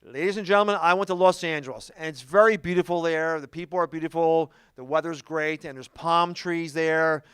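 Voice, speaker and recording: A middle-aged man doing a stand-up comedy routine, telling stories in an animated way with quick asides. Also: a little high, smooth, no room sound, studio quality. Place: comedy club stage.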